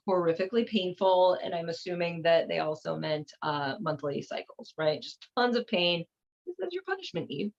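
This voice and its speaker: Woman host rambling casually, lots of likes and ums, kinda muffled recording. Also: on the low side. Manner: irreverent, chatty, filler-heavy. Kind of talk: casual commentary. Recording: slightly dull lo-fi audio.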